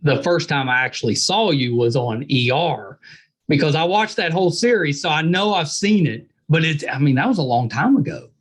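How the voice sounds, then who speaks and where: West Virginia man hosting a podcast, lively pitch, folksy and encouraging. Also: normal speed, slightly rough. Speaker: podcast host. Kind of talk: casual interview chat.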